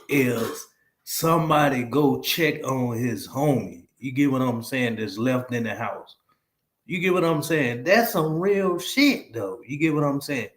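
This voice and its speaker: A man giving casual reaction commentary in slang, often checking that the listener follows. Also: medium pitch. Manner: slangy, keeps asking "you get what I'm saying". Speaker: reaction streamer. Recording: echoey room.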